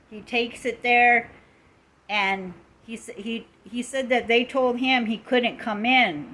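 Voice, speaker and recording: A woman's voice: on the high side, fairly bright tone, poor audio. A middle-aged woman on a casual live stream, retelling an upsetting story in an indignant, emphatic way, with lots of repetition.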